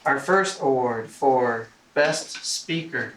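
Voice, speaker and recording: Slow-speaking man announcing awards from afar. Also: mid-range voice, expressive. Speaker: meeting toastmaster giving awards. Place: meeting room. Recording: distant, echoey, noisy room.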